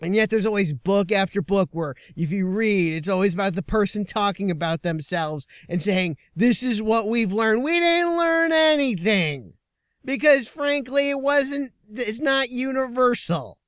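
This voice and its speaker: A man hosting his own podcast from inside a small car, delivering a rambling, sarcastic comedic rant with halting restarts. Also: sits high, a bit bright, clear, resonant tone, no room sound, studio quality. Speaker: podcast host.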